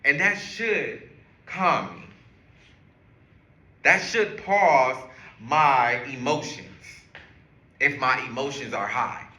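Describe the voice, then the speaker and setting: Guy teaching a class to breathe and count, slow talker, bright voice, echoey room. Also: mid-range voice, expressive. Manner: guides a group through breathing and counting. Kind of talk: classroom lesson on calming strategies.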